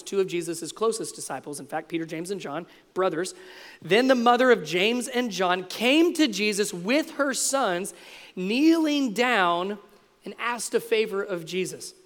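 High-voiced preaching man in a big hall. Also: normal speed. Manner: animated preaching, acting out voices in quotes. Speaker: pastor. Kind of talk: sermon.

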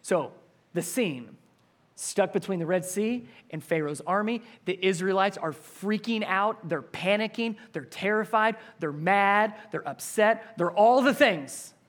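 A man delivering a sermon with a notably high voice. He preaches with emphasis, driving points home through repetition. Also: lively intonation, measured pace, fairly bright tone. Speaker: pastor.

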